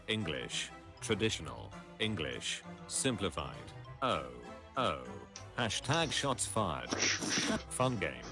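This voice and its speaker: Low-voiced man reading memes over music. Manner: reads captions aloud, drops into deadpan low voices for punchlines. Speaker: streamer reading memes aloud. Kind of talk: casual meme reaction stream. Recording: music playing behind.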